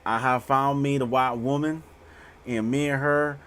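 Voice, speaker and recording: A man's voice: medium pitch, steady tone, measured pace, fairly bright tone, natural voice. A man putting on a pompous accented braggart. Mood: mocking. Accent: put-on accent. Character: boastful young man swearing off dating around.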